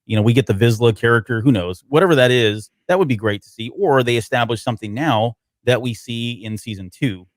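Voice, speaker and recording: A man's voice: medium pitch, fairly quick, hardly any pauses, no echo, studio quality. A man co-hosting a casual podcast chat, speaking hesitantly with many ums and restarts. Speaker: podcast co-host.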